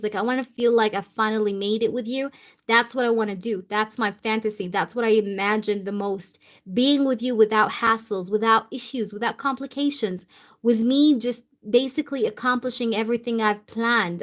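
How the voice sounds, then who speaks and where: A woman tarot reader speaking channeled messages in the first person, repetitive and emphatic, with casual swearing. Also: a little high.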